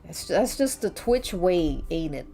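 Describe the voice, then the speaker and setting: A woman's voice: lowish voice, very animated, a little slow, vocal fry, mellow. A woman with a light Latina accent, chatting casually with her stream chat in a playful, talkative way. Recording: faint background music.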